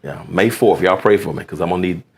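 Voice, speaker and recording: A pastor being interviewed, a man with a very low voice full of gravelly fry. He speaks earnestly, and his sentences often take on the rhythm of a sermon. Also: fast, a little hiss or hum. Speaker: pastor and guest. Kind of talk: casual interview chat.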